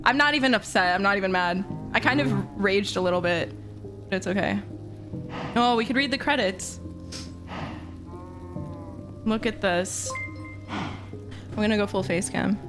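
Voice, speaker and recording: A woman's voice: medium pitch, measured pace, long pauses. A young woman streaming a game, talking emotionally and gushing thanks to her viewers with laughter. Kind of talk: live game stream chat. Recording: game music behind voice.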